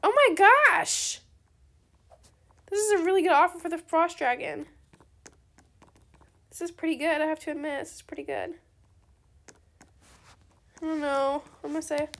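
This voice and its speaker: A young woman giving chatty, excitable commentary on her own game trades, talking straight to her viewers. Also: sits high, moderate pace, pauses often. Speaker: gaming video creator. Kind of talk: casual gameplay commentary.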